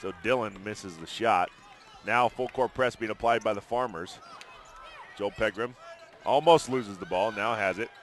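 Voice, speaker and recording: A man calling play-by-play of a high school basketball game in brisk, chatty commentary from an arena booth. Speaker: play-by-play announcer.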